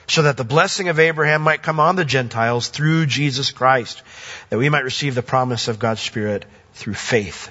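A man preaching a sermon as pastor, animated, jumping from emphatic high points to quiet low asides. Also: moderate pace. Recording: dull lo-fi audio with long reverb.

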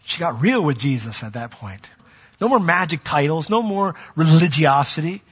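A man preaching a sermon, telling stories in a lively way and acting out the voices in them. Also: on the high side, moderate pace, husky. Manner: animated storytelling, acts out voices. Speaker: pastor. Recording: dull recording in a reverberant hall.

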